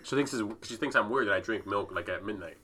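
A man's voice: lowish voice, fast talker, sharp tone. A young man co-hosting a podcast, chatting casually, rambling and swearing, often laughing. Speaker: podcast co-host. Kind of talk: casual chat.

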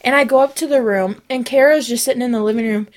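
A young woman co-hosting a comedy podcast, telling a story in a casual, animated way and acting out the voices of the people in it. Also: fairly high pitch, quick pace. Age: young adult. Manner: animated, acts out quoted voices. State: sick, sniffing and coughing. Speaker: podcast co-host.

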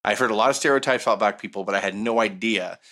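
A man's voice: lowish voice, fast talker, bright, forceful tone. A middle-aged man casually telling a long story as podcast co-host, profane and sardonic, with mocking voice impressions.

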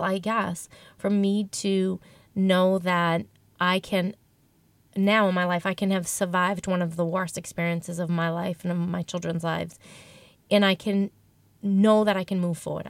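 A woman's voice: on the low side, dry recording. A woman guest telling a candid personal story in an interview, reflective and emotional, often restarting her sentences.

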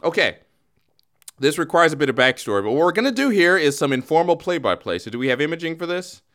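Lively joking male podcast host. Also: fairly high pitch, quick pace. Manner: joking, rambling play-by-play. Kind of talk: casual chat.

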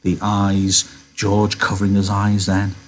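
A man's voice: on the low side, monotone, a little slow, a little hiss or hum. A male teacher giving an online literature lesson, reading aloud and musing conversationally with rhetorical questions.

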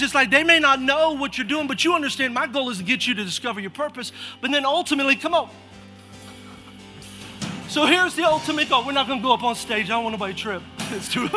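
Pastor, male, very high bright voice, fired-up sermon delivery that names people in the pews, soft music underneath. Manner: energetic, calls out churchgoers by name, repeats "come on". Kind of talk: lively sermon to a congregation. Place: church auditorium.

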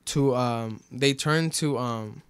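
A man's voice: mid-range voice, takes it slowly, clear, resonant tone, dry recording. A young man telling a story in casual chat, rambling with lots of fillers and swearing. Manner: rambling, many fillers like "bro" and "like", swears freely. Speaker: podcast guest telling his story.

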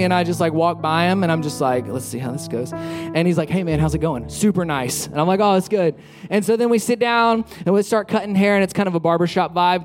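A pastor preaching conversationally, repeating phrases for emphasis and acting out the lines of people in his stories. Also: high voice. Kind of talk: sermon with storytelling.

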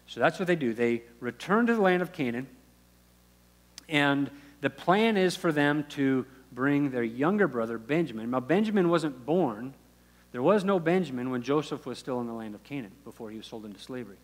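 A man with a slightly high voice tells a Bible story from the pulpit in a loose, chatty way. He slips into the characters' lines and stumbles over his restarts. His voice rings out with a long reverb, as in a large hall. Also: animated, fairly quick. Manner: conversational storytelling with quoted dialogue and restarts. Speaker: preacher. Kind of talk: sermon retelling a Bible story.

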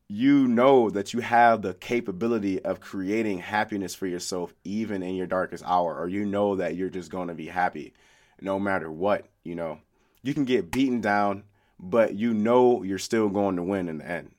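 A young man hosting a solo podcast from a room at home, talking casually and rambling, with lots of fillers and swearing. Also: low-pitched. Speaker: podcast host.

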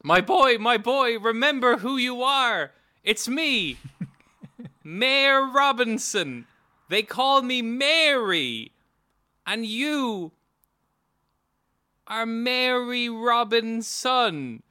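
A man's voice: very high-pitched, lively intonation, extremely slow, pushed and bright, smooth, voice pushed up, exaggerated voice. A man voicing a flustered woman mayor who hesitates and stumbles through her words in a tabletop role-play. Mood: pleading. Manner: hesitant, full of fillers. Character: flustered female town mayor, fond and dithering.

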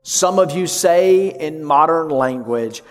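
A man preaching a sermon, swinging from loud emphatic lines to hushed whispers. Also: on the high side, expressive, slow pace, in a large hall. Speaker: pastor.

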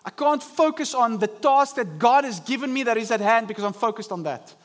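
Young male pastor, high-pitched, animated sermon delivery. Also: brisk. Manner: animated preaching, acting out inner voices. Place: church service.

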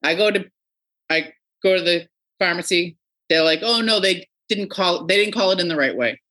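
A middle-aged woman hosting a podcast, telling stories in a casual, animated way and acting out the people she quotes. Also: on the low side, moderate pace. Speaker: podcast host. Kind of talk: casual interview chat.

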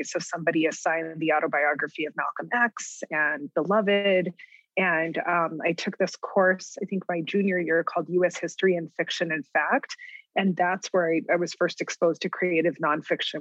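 A middle-aged woman from New Mexico, a writer, telling her story in an interview with many pauses and light laughs. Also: lowish voice, no room sound. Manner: thoughtful, many ums and restarts, laughs lightly. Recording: dull lo-fi close recording.

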